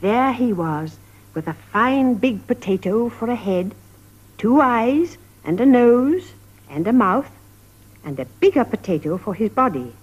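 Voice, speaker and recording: A woman narrates a children's story in a measured, sing-song way. Her voice is lively and a little husky. The old television recording sounds dull and lo-fi. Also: a little high. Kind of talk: gentle scripted storybook narration for young children.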